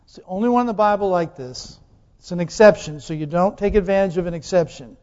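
A man's voice: sits high, fast talker, a little mellow. A man preaching a sermon, putting questions to the congregation and repeating phrases for emphasis. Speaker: pastor. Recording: dull lo-fi sound with long hall reverb.

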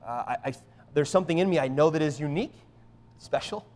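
A middle-aged male pastor preaching with lively emphasis, his voice sitting a little high for a man. The sound carries a long reverb from a large church hall, and he keeps tossing rhetorical questions to the room. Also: quick pace. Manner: animated, emphatic, keeps asking "right?". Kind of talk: sermon.

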